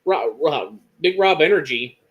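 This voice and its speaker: A young man with an American Midwest accent co-hosting a casual sports podcast, talking excitedly and rambling with lots of restarts. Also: a little high, unhurried, lo-fi sound. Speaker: podcast co-host.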